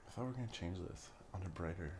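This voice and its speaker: A man's voice: sits low, very fast, a little mellow. A young man hosting a podcast, chatting casually with lots of swearing and rambling tangents. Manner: profane, rambling storyteller. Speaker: podcast host. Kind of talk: casual chat.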